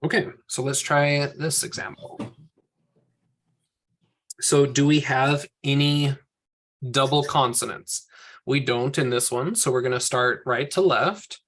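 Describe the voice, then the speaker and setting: A male teacher leads a class through slides in an ordinary medium-pitched voice with a fairly bright tone and fairly even intonation. He takes it slowly with long pauses, patiently working through each example step by step while thinking aloud.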